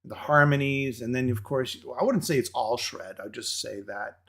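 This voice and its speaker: A man's voice: mid-range voice, moderate pace, a bit bright. Man hosting an interview, chatty and joking. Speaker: interview host. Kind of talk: casual interview chat.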